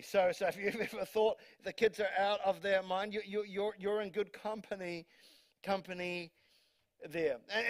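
High-voiced joking pastor, dry close sound. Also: male voice, no echo. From New Zealand. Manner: conversational and humorous, with frequent restarts. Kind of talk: sermon. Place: church congregation.

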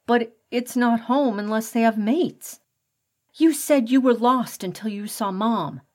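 A woman's voice: fairly high pitch, measured pace, darkish tone, voice pushed up, close to an everyday voice. A woman voicing a young male rat, an eager son pleading with his father.

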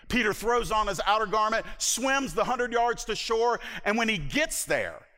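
A man's voice: high voice, animated, normal speed, few pauses, pushed and bright, long reverb tail. A male pastor preaching a sermon, retelling a Bible story dramatically and acting out its voices.

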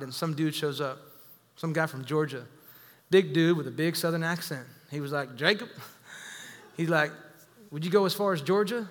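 A man preaching a sermon to his church, energetic and calling out to the congregation. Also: on the high side. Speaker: pastor. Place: church sanctuary. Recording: echoey hall.

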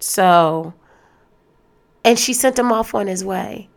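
Exasperated woman with a gravelly edge. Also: medium pitch, slow pace, pauses often. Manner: animated and exasperated, talks straight to listeners; loose and conversational, with restarts. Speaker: podcast host. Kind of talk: solo podcast rant.

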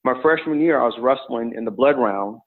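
A middle-aged man recalls his wrestling days in an easygoing, meandering way, full of ums and restarts. His voice sits at an ordinary pitch for a man. It comes through a narrow, tinny, phone-like line. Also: fairly quick. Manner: relaxed, rambling storyteller with many fillers. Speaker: former college wrestler and coach. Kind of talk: storytelling in an interview.

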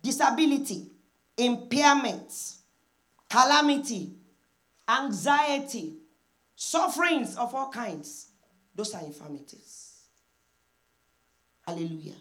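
A woman's voice: on the high side, big pitch swings, slow, long pauses, fairly bright tone. A woman preaching a sermon, repeating points emphatically and acting out quoted prayers. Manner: emphatic repetition with call-and-response; acts out prayers in quoted voices.

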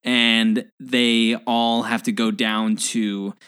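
A man's voice: mid-range voice, flat delivery, extremely slow, a bit bright, clean tone. Man joking in casual podcast chat. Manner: laughing, joking, does silly voices. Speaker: podcast co-host.

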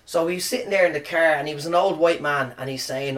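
A man's voice: on the high side, fast talker, fairly bright tone, distant mic. A man telling a rambling, profane, self-deprecating story as a podcast host, recorded on a phone camera. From Ireland. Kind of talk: casual storytelling monologue.

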